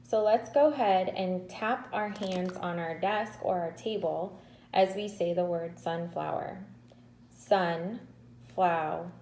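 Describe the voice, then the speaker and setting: Woman, kindergarten teacher, unhurried patient delivery, roomy echo. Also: medium pitch, warm tone, slight background noise. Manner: slow, patient, drawn-out syllables. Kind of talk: recorded remote lesson to children.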